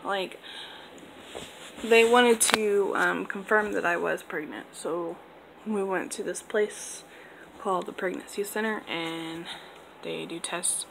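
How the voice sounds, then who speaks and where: Vocal-fry young woman rambling casually. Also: on the low side, slow, background noise. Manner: rambling, filler-heavy, laid-back. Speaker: vlogger. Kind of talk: casual storytime monologue.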